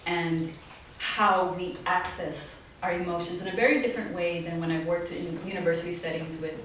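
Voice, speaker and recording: A woman tells animated stories, laughing often and slipping into the voices of people she quotes. She sits back from the mic in a very echoey room, and a faint hiss runs under her voice. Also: lowish voice, normal speed, recorded from a distance. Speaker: guest artist. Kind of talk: storytelling talk. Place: small office event space.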